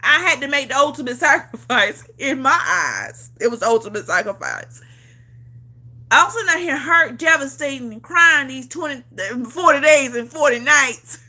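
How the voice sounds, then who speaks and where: A woman chatting on her vlog in a bright, forceful, fairly high voice. She is emphatic and repetitive, swears freely and laughs often as she tells her own story. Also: lively intonation, moderate pace. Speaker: vlogger on a livestream. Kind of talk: casual storytelling chat.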